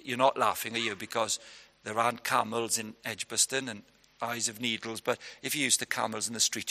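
A man's voice: mid-range voice, steady tone, fairly quick, creaky, sharp tone. A man preaching a sermon in a conversational, punchy way, putting questions to his listeners. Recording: long hall reverb.

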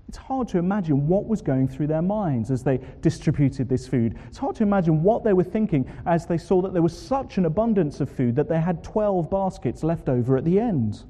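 A man preaching a sermon, expressive and full of rhetorical questions. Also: a little high. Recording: long hall reverb.

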